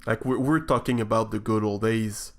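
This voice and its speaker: A man's voice: on the low side, steady tone, moderate pace. A man streaming a building game, talking over his play in a hesitant, reflective way with many restarts. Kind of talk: casual live-stream chat while building.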